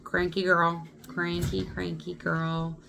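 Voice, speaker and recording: Indignant woman with a gravelly voice. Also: on the low side, slow pace, music in the background. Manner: animated, indignant retelling. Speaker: vlogger. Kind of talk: storytime vlog.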